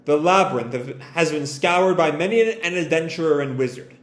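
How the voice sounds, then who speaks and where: Man reading ancient solemn male dragon, comic lines, grave and measured, echoey room. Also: on the high side, lively intonation, natural voice. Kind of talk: reading comic dialogue aloud.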